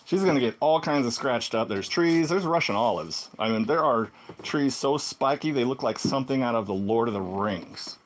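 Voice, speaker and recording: A man telling a personal story in a casual vlog monologue, swinging between loud exclamations and low muttered asides. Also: lively intonation, moderate pace. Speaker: vlogger.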